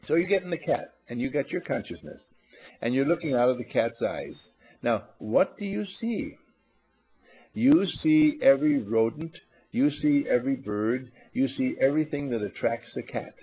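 A man's voice: medium pitch, lively intonation, moderate pace, dark tone, breathy edge. A man giving an inspirational talk, playful, acting out little scenes and repeating phrases for emphasis. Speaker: motivational speaker.

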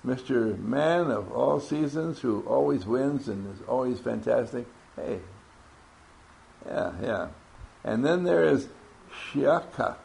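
Gravelly man teasing a class. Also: mid-range voice, lively intonation, darkish tone. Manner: playful and teasing, drawn-out names. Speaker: workshop leader taking roll call. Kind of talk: classroom talk to a group.

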